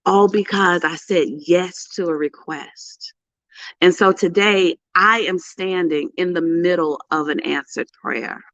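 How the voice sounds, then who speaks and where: Woman, middle-aged, vlog storyteller, animated, emphatic, bright tone, muffled lo-fi sound. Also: lowish voice, slow pace, no room sound. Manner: animated, emphatic, drops into a hushed aside then bursts out loud. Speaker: PR coach and storyteller. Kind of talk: casual excited storytelling to camera. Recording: dull lo-fi, dry sound.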